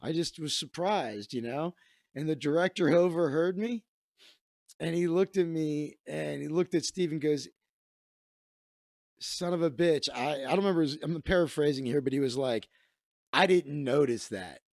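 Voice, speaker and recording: Gravelly-voiced man rambling through a comic story. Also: on the high side, moderate pace, a little mellow, dry recording, clean studio sound. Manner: rambling storytelling with asides and laughs. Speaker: comedian host. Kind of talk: casual comedic monologue.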